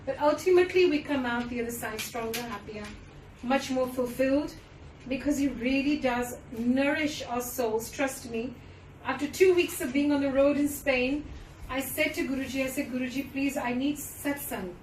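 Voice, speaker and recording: A woman's voice: sits high, moderate pace, slight background noise. A woman giving an earnest devotional talk at a gathering, speaking mostly English with phrases in Hindi and Punjabi. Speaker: satsang speaker. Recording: roomy, distant audience recording.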